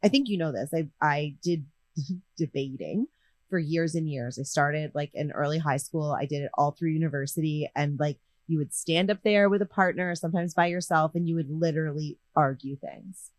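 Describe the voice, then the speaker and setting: A woman's voice: deep voice, normal speed. A woman, joking bluntly in casual chat.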